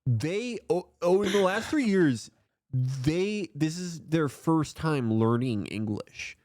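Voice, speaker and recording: Lively sarcastic man on a stream. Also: on the high side, slow pace, dry recording, clean studio sound. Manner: rambling, sarcastic, full of restarts. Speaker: stream co-host. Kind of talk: casual comedic chat.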